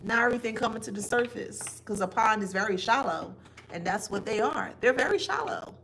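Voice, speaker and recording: A woman's voice: medium pitch, fairly quick, fairly bright tone, slight background noise. A woman giving a casual spiritual reading to her viewers, blunt and emphatic, with mocking asides.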